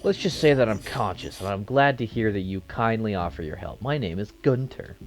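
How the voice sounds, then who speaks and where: A man's voice: medium pitch, lively intonation, moderate pace, a little mellow, close to an everyday voice. A man voicing a polite, lonely undead zombie chained in a dungeon, speaking with exaggerated courtesy and a put-on German accent. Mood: courteous. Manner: overly courteous, formal.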